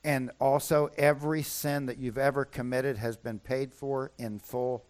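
A man's voice: medium pitch, fairly even intonation, unhurried, hardly any pauses, darkish tone. A man preaching a sermon as pastor, emphatic and repeating his key points.

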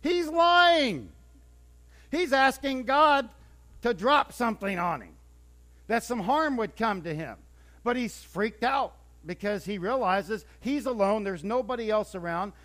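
A man preaching a sermon, telling the story in a lively, conversational way and acting out scenes, with a few stumbles and restarts. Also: sits high, measured pace.

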